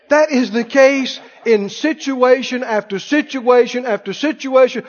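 A man preaching a sermon, telling a story from his own life in an animated way and laughing as he tells it. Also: extremely high pitch, normal speed, hardly any pauses. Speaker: pastor. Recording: dull sound with long hall reverb.

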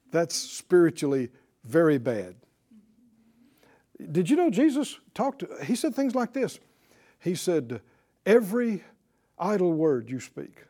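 A male preacher giving a sermon, asking questions, quoting scripture and chuckling between points. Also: fairly high pitch. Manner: animated, asks the congregation questions, quotes scripture.

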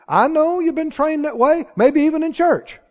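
A man's voice: very high voice, normal speed. A man preaching a sermon as pastor, folksy and emphatic, building to exhortation, recorded in a church sanctuary. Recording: dull, reverberant church hall recording.

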